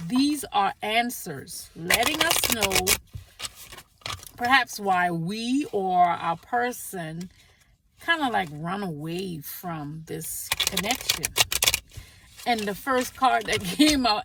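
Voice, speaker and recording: A woman giving a casual spiritual tarot reading, chatty and quick to laugh, stopping to pray aloud between the cards. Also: medium pitch, lively intonation, gravelly, distant mic, noisy background.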